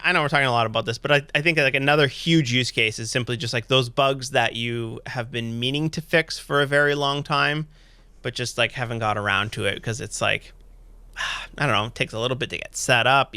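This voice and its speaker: Guy cohosting a podcast, gravelly, kinda bright and sharp, dry close sound, lots of "like"s. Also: mid-range voice, dry recording. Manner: rambling, filler-heavy, animated. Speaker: podcast co-host. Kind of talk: casual chat.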